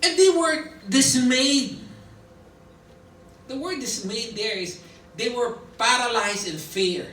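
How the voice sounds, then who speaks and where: A Filipino-accented man preaches in an animated storytelling way, his voice bright and forceful. He is caught from some distance in an echoey church hall, with faint noise behind him. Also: very high voice, slow, long pauses. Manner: animated storytelling, mixing in Tagalog asides. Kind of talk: sermon. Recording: echoey room picked up from a distance.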